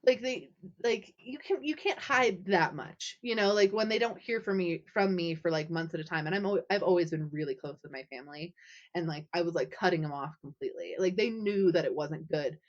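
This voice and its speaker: A woman guest on a podcast, telling a personal story in a lively, casual way, with lots of "like.". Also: on the low side, a little fast, dull audio. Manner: animated, heavy use of "like". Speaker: guest author.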